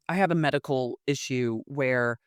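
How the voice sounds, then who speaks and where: A woman, an improv teacher and coach, telling a candid personal story as a podcast guest, expressive and quick to laugh. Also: very deep voice, no room sound, clean studio sound. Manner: expressive, laughs often, frequent restarts.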